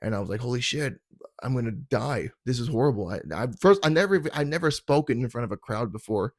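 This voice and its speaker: Talking fast with lively intonation and a medium pitch, a young Canadian man rambles through self-deprecating stories on his comedy podcast, recorded in his parents' basement. He stumbles over his words; the audio is clean studio sound with no room sound.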